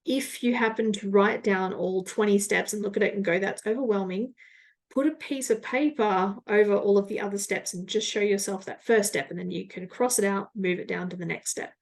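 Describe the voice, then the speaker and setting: A woman's voice: medium pitch, fairly quick. A woman hosting a solo podcast, talking in a chatty, rambling, self-reflective way. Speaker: podcast host and business coach.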